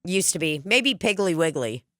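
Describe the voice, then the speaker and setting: A woman's voice: on the low side, sing-song, moderate pace, a bit bright, no echo, clean studio sound. A woman hosting a podcast in casual chat, giggly and playfully crude, getting worked up easily. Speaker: podcast host.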